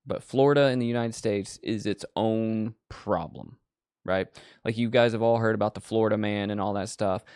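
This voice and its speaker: A man's voice: lowish voice, moderate pace, darkish tone, clear, resonant tone, no room sound, studio quality. A man hosting a horror movie show, chatting casually with profane, digressive storytelling. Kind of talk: casual rambling chat.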